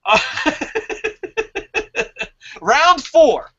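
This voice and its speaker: A man's voice: very high-pitched, big pitch swings, extremely slow, a bit bright, lo-fi sound. A man hosting a fantasy wrestling draft show, talking in a casual, profane way and laughing at his own jokes.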